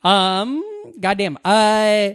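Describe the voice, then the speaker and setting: A man's voice: high-pitched, fairly even intonation, very slow, a bit bright, clean tone, dry recording, studio quality. A man co-hosting a casual podcast chat, rambling and profane, often laughing at his own jokes. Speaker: podcast co-host.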